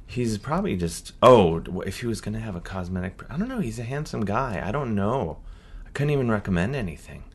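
Deep-voiced playful man, lively delivery. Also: brisk, husky. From Ohio. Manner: playful, rambling, self-deprecating. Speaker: podcast host. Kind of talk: casual chat.

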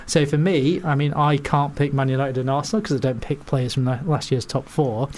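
A man's voice: mid-range voice, fairly even intonation, brisk, darkish tone. A man co-hosting a casual football podcast, making dry, wry asides and laughing often. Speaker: podcast co-host. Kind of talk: casual chat.

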